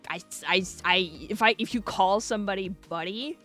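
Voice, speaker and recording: A woman's voice: mid-range voice, moderate pace, a bit bright, soft background music. A woman streamer chatting casually, laughing often and swearing freely. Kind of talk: casual chat.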